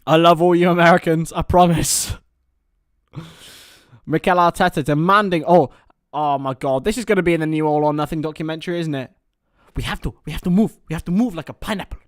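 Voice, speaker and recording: A young British man hosting a live football watchalong, mixing excitable play-by-play with rambling banter. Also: a little high, fast, dry recording, studio quality. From Britain. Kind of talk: casual live match commentary and chat.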